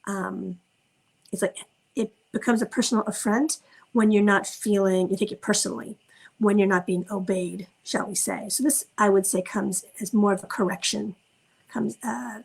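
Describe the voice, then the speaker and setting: A woman parenting coach giving an informal teaching talk, gentle and reflective, slowing down to stress key words. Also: mid-range voice, steady tone, creaky, husky, rough recording. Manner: gentle, reflective, slows down for emphasis.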